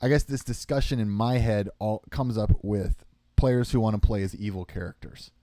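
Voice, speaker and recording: A man co-hosting a casual tabletop-gaming chat, joking and telling stories with quick impressions. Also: fairly low pitch, dark tone, no echo, studio quality. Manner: joking, tells anecdotes, does quick impressions. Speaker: podcast co-host.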